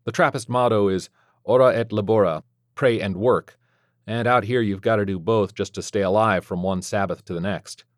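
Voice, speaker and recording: A man narrates a scripted first-person story with sardonic, dry wit. His voice sits fairly low. The recording is close and completely dry, with no room sound. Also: steady tone, normal speed, dry recording.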